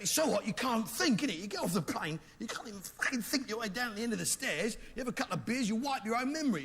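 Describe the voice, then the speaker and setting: Brash English comedian, lively high voice. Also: male voice. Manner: brash, mock-patriotic pub bluster, barking asides to the crowd. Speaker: stand-up comedian. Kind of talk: stand-up comedy with crowd work. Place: theatre stage before a live audience. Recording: live show clip with loud audience noise.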